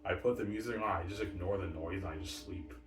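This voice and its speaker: A man's voice: low voice, fast talker, a little hiss or hum. A man talking in a repetitive, profane, rambling monologue. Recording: echoey room, mic far off.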